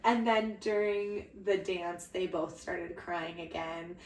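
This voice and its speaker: A woman's voice: lowish voice, fairly even intonation, slow, darkish tone, far from the mic. A young woman chats casually on a podcast, gushing through her story with plenty of "like"s and fillers. She sits a little back from the mic, and the room around her is echoey, with a faint hum behind her. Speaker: podcast co-host. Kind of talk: casual chat.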